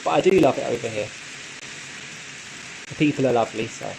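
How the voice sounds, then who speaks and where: A man hosting a casual live stream, chatting in a relaxed way and answering viewer comments with frequent light laughs. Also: mid-range voice, brisk, gravelly, background noise. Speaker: model railway channel host.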